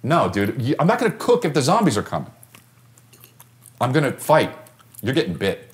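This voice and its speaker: A man's voice: medium pitch, wildly swooping pitch, normal speed. A man bantering while painting, mock-serious and dismissive as he teases his friend. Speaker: comedian host.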